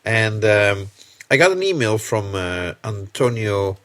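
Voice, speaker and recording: A man co-hosting a casual podcast, halting and joking, with many fillers, Dutch his first language. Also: lowish voice, big pitch swings, fairly bright tone. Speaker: podcast co-host, magazine editor.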